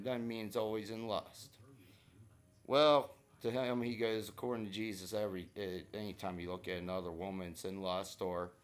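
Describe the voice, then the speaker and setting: A man casually telling a rambling, wry story in a vlog, with many fillers and restarts. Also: on the low side. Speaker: vlogger.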